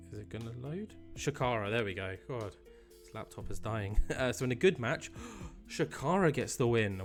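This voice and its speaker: Young guy doing casual game commentary, lowish voice, faint music behind. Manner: chatty and upbeat, joking asides. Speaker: gaming channel host. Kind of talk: casual let's-play commentary.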